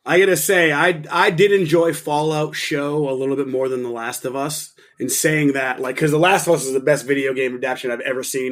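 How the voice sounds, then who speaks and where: A man co-hosting a casual podcast, swearing freely and talking with excited enthusiasm. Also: mid-range voice. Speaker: podcast co-host.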